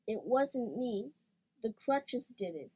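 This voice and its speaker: A woman's voice: a little high, animated, slow, a little mellow, husky, full character voice, low-quality recording. A woman voicing a whiny, pouting little boy with a broken leg in a storybook. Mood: sulky.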